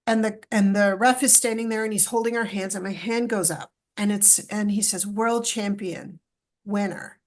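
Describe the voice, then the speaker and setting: A middle-aged woman from Canada, a podcast guest telling a story in a lively, emotional way and acting out the dialogue. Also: mid-range voice, normal speed. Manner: animated, acts out quoted dialogue, emotional retelling. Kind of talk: storytelling in a casual interview.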